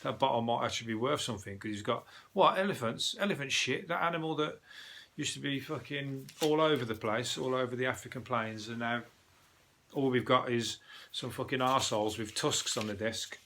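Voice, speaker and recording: A man's voice: medium pitch, a little fast, pushed and bright, slight background noise. A man with a Birmingham accent, hosting a casual solo news podcast in a rambling, sweary, chatty way with lots of fillers. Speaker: podcast host.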